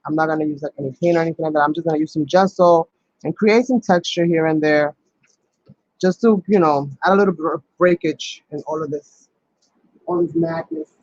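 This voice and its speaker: A man with a fairly high voice hosts a relaxed crafting tutorial and talks through each step as he works. He fills his pauses with ums and thinks out loud. The sound is dry and a little dull, picked up by a camera mic at his craft table. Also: dry recording. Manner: chatty, thinks aloud with many ums. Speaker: crafting channel host.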